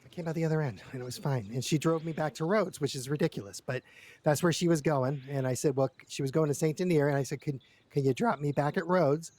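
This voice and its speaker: A man's voice: fairly high pitch, fast, darkish tone. A man telling a long story in character during a roleplay session, rambling and stammering with lots of repeated words and casual swearing.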